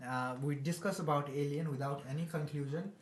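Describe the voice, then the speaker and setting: A man's voice: on the high side, brisk. A young man hosting a casual podcast chat with friends, talking animatedly and laughing often. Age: young adult. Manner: animated, laughs often, practicing a put-on accent. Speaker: podcast host. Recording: echoey room.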